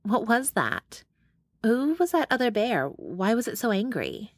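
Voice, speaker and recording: A woman's voice: fairly high pitch, sing-song, unhurried, no room sound, clean studio sound, voice pushed up. A woman voicing a groggy, frightened young woman asking startled questions.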